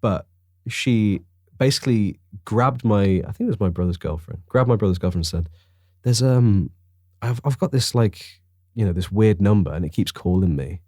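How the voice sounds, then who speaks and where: Excitable young man, sweary storyteller. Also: lowish voice, normal speed, no echo, studio quality. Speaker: podcast co-host. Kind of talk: casual chat.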